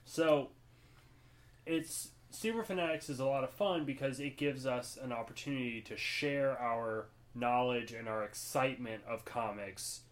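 A young man co-hosting a casual podcast, relaxed and rambling, laughing often. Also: mid-range voice, a little slow. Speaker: podcast co-host. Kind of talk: casual chat.

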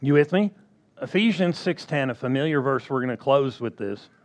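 A man's voice: medium pitch, lively intonation, moderate pace. A man preaching a sermon who repeats his key phrases and keeps asking the congregation for agreement.

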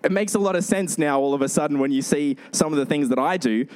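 Man with a slightly high voice preaching. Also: fast talker, smooth. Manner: storytelling, animated. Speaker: pastor. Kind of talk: sermon.

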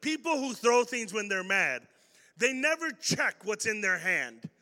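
A young man tells a story to a live audience at a youth talk. He is animated and joking, and he keeps turning to the crowd. His voice is high, very bright and sharp, and it echoes through a big hall. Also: measured pace. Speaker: youth speaker.

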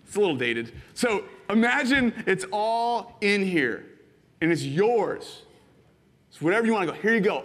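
A man preaching a sermon, animated and playful, acting out little scenes and jumping into excited voices for the people in his stories. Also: moderate pace, long reverb tail. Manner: animated, jumps into high excited voices when quoting. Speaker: pastor. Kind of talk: sermon with acted-out illustrations.

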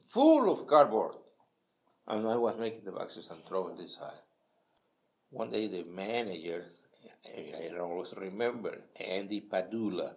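An older man from Peru, a native Spanish speaker with a Peruvian Spanish accent, telling his life story in halting English with many restarts at a kitchen table. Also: on the low side, vocal fry, darkish tone. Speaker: interviewee. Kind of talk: casual storytelling.

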